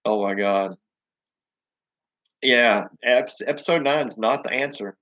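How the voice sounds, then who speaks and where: A man's voice: medium pitch, slow pace, fairly bright tone. A man with a Southern US accent hosting a casual live chat, rambling and swearing, full of ums and restarts. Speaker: live stream host.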